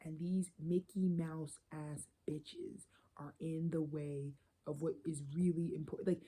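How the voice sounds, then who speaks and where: A woman's voice: medium pitch, mellow, slight background noise, rough recording. A woman giving a casual tarot reading, blunt and profane, rambling and sometimes dropping into a whisper. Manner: drops into whispers. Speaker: tarot reader.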